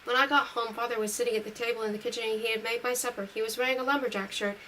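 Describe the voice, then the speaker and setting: Brisk woman reading a novel aloud. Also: on the high side, fairly even intonation, bright, forceful tone. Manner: brisk, matter-of-fact first-person reading. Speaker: reader. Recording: distant mic with faint hiss.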